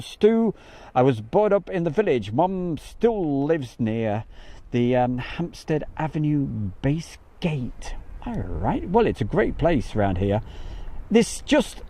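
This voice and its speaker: A man's voice: medium pitch, warm tone. A man hosting a casual livestream outdoors by an airfield, chatting, reading out viewer comments and laughing easily. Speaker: livestream host.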